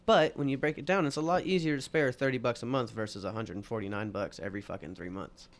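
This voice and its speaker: A young man at a middle pitch tells a story in casual chat. He gets animated and acts out both sides of a quarrel. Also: quick pace. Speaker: podcast co-host.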